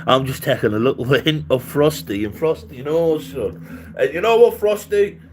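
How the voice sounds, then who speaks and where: A man rambles through a casual livestream rant, mocking and swearing as he goes. His voice sits a little high for a man. A faint hum of ambient noise runs behind him. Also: animated, normal speed, poor audio. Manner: mocking, rambling and profane, often laughing.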